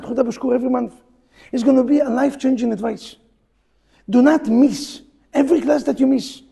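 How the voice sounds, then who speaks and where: A middle-aged man, a rabbi, teaching a humorous class in a synagogue in broken English, firing off rhetorical questions and loud bursts. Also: extremely high pitch, vocal fry, breathy edge. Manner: jokey, full of rhetorical questions, bursts into loud quoted rants; broken non-native English grammar. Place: synagogue hall.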